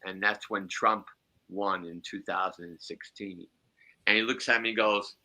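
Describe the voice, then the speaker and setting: A man's voice: fairly low pitch, steady tone, unhurried, sharp tone. A man hosting a podcast as a psychic medium, chatting casually in a rambling way with chuckling asides.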